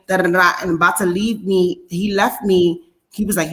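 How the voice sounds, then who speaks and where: Slangy, animated woman telling a story. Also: fairly low pitch, brisk. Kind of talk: casual storytelling chat.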